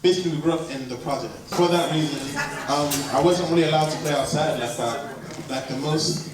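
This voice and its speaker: A man in his twenties with an American-influenced accent, a producer and worship leader telling his life story in a relaxed, rambling way. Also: fairly high pitch, a little fast, crowd noise. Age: 20s. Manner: relaxed, rambling, lots of fillers. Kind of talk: personal life story talk. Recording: very echoey hall, distant mic, audible background.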